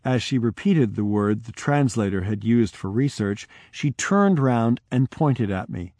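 A man who is a researcher, telling a story from his fieldwork in measured, deliberate narration. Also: mid-range voice, expressive, a little mellow, no echo. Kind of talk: storytelling talk.

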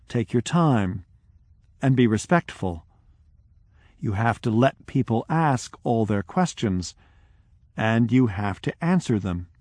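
Slow, measured male storyteller. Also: mid-range voice, darkish tone, dry recording. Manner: measured, deliberate narration. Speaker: researcher telling a field story. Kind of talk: storytelling talk.

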